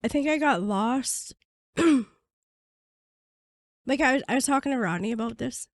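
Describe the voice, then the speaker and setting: A woman guest on a podcast, telling her story bluntly and swearing freely, her voice going hoarse. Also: a little high, expressive, measured pace, dry recording, clean studio sound. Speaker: podcast guest, prisoner advocate. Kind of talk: candid storytelling interview.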